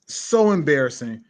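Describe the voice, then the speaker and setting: A male host talks through viewer comments in an animated, casual way. His voice sits fairly high for a man. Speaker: show host.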